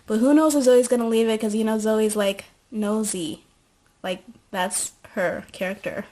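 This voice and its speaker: A woman's voice: medium pitch, steady tone, normal speed, mellow. A young woman casually recapping a TV show at home, rambling and joking with lots of fillers.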